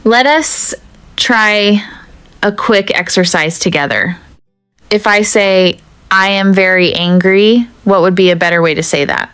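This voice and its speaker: A woman teaching an English lesson in a measured, deliberate way, speaking straight to the viewer. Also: medium pitch, fairly bright tone, clear, resonant tone, no echo, soft background music. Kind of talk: scripted teaching narration.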